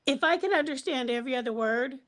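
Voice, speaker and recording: A woman from the Pittsburgh area chatting as a guest on a live panel, full of quick asides and fillers. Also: high-pitched, a crowd in the background. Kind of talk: casual chat.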